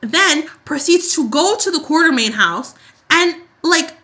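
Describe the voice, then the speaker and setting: Bright-voiced woman ranting about soaps. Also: sits high, unhurried. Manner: animated ranting with acted-out quotes. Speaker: podcast co-host. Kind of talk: casual soap opera recap chat.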